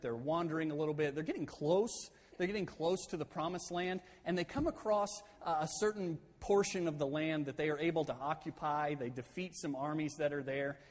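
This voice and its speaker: A male pastor delivers a sermon in a church hall, retelling a story with an animated, conversational flair and frequent restarts. His voice sits a touch higher than most men's, and a long reverb trails each phrase.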